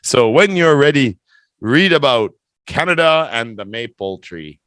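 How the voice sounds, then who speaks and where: A man's voice: mid-range voice, animated, unhurried, fairly bright tone, clean tone, dry recording. A man teaching English over a video call, teasing his student in a chatty, playful way before running a speaking test.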